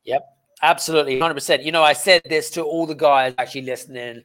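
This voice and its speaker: A man hosting a podcast in a loose, friendly chat. His voice sits a little on the high side. He affirms his guest often and stretches his pauses with drawn-out fillers. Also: fairly even intonation, fairly bright tone. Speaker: podcast host. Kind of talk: casual conversational interview.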